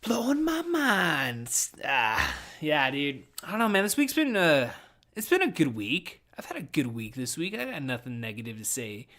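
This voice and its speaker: A young man hosts a casual solo podcast from his room at home, rambling along in a laid-back way and swearing a lot. His mid-range voice has a sing-song quality and a sharp tone, and he talks at a normal pace.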